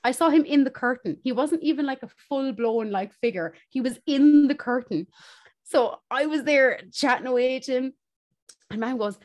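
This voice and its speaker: A young Irish woman, a podcast co-host, telling a story in casual chat, animated and swearing, laughing as she goes. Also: fairly high pitch, normal speed.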